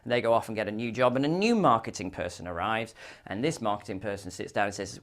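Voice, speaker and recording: A man's voice: fairly low pitch, lively intonation, quick pace, a bit bright. A man speaks to an audience as a business speaker. He tells anecdotes wryly, and his voice rises and falls a great deal. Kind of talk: storytelling keynote talk.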